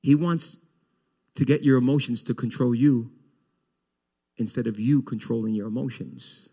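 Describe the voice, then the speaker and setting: A man preaching a Sunday sermon as pastor, animated, repeating words and voicing the congregation's questions. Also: medium pitch, moderate pace, husky.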